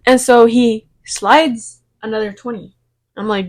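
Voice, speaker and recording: A woman's voice: on the high side, steady tone, a little slow, a little mellow. A young woman, chatting and telling rambling work stories while getting ready, swearing freely and acting out her own replies. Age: young adult. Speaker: vlogger. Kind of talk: get-ready-with-me storytime chat.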